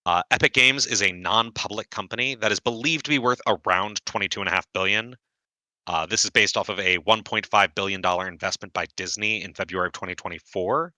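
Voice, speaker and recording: Bright, wry man announcing an award. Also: fairly low pitch, a little fast, no room sound. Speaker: award show presenter. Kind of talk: live-streamed mock awards presentation.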